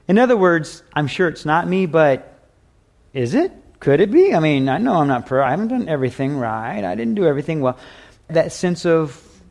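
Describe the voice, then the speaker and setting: A man's voice: a little high, sing-song, moderate pace, darkish tone. A middle-aged male pastor preaching a conversational sermon, earnest and plain-spoken, acting out quotes as he teaches.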